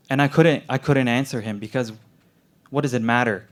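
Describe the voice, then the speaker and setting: A man's voice: medium pitch, a little fast. A young man, a medical student, performing an earnest, emotionally intense spoken word story. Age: young adult.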